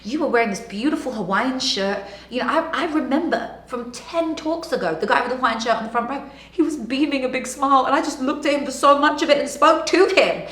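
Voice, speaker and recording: A woman coaching viewers on public speaking, speaking directly to them and swinging between loud emphasis and hushed whispers. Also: high-pitched, brisk, few pauses. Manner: energetic, direct address to the viewer. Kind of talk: motivational teaching monologue. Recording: echoey room with faint background noise.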